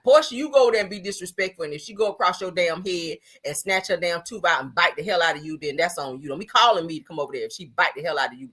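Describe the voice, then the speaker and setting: Sassy woman gossip host, bright sharp voice, pitch jumps all over, laughing loud. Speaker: commentary channel host. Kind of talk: casual gossip commentary.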